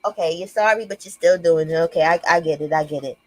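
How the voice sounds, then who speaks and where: A woman's voice: sits low, quick pace, no room sound. A young woman hosting a casual commentary livestream from home, talking loosely and profanely to her viewers while her young child is nearby. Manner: profane, chatty, addresses viewers as y'all. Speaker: livestream host.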